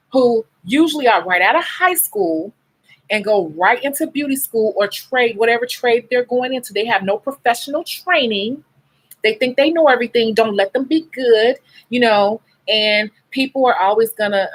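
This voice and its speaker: Exhausted from lack of sleep, a nail technician who runs a beauty YouTube channel opens up bluntly and emotionally to viewers during a candid livestream chat. Her voice is fairly high, and the recording quality is rough.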